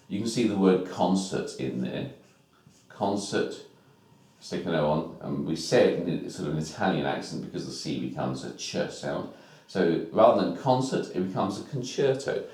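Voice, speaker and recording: A man with a deep, low voice teaches a music lesson. He talks informally and walks through each new term one step at a time. His voice rings around an echoey room. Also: a little mellow. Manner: informal, explains terms step by step.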